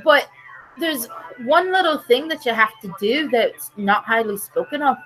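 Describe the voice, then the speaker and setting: A woman's voice: a little high, expressive, unhurried, a bit bright, slight background noise, low-quality recording. A woman voicing a sly, crude male leprechaun with a lilting put-on brogue, as a figure in a told joke.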